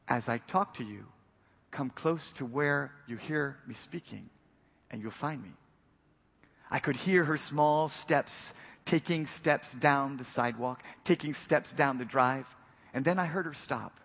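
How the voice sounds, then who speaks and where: A middle-aged man preaching a sermon, measured, slowing and dropping softly on key phrases. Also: mid-range voice, gravelly, long reverb tail.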